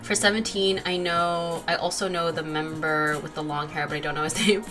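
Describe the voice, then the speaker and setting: A woman's voice: low voice, steady tone, normal speed, sharp tone, soft background music. A young woman hosting an art livestream, chatting casually and giggling, with lots of fillers while she draws. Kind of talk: casual chat while drawing.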